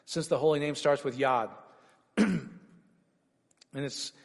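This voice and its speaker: Male preacher, slightly high voice, energetic teaching style with rhetorical questions, reverberant hall sound. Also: slow, gravelly. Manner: energetic, rhetorical questions, sudden loud exclamations. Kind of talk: informal sermon teaching.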